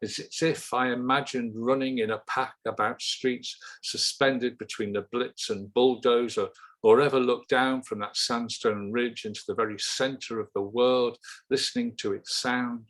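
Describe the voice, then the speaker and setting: A man who grew up in Liverpool, a poet talking haltingly about his work and then reading a poem in a steady, measured way over a video call. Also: mid-range voice. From Liverpool, England. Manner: halting, self-correcting chat, then steady measured recital. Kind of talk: poetry reading and discussion.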